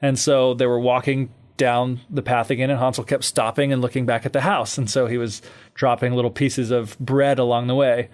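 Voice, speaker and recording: A man's voice: mid-range voice, level tone, normal speed, darkish tone. A man co-hosting a podcast, loosely retelling a fairy tale in casual chat, full of fillers and easy laughter.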